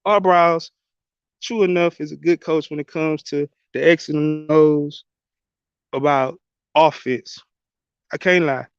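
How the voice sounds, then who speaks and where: A man with a fairly high voice rants bluntly about sports, talking straight to his viewers. The sound is dry and a bit dull, like a lo-fi home setup. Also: steady tone, slow, pauses often, clean tone, no room sound. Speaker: sports channel host. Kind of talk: casual sports rant.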